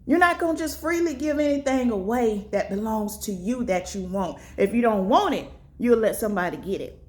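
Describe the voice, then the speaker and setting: A woman's voice: lively intonation, a little fast, darkish tone. A woman vlogger speaking earnestly in a casual, preachy way, encouraging her viewers to fight for themselves. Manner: preachy and earnest, acts out little dialogues with big pitch jumps. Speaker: motivational vlogger.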